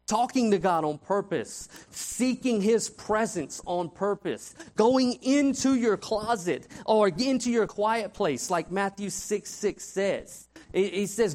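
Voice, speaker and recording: A man's voice: high voice, unhurried, hardly any pauses. A man preaching a conversational sermon as a youth pastor, telling stories animatedly and asking "right?" often. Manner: animated storytelling, frequent "right?" asides.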